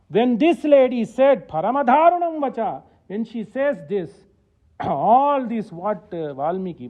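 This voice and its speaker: A man's voice: very high-pitched, phone-quality sound. A man giving a devotional scripture lecture at a temple, chanting verses in a singsong way and explaining them in English. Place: temple hall.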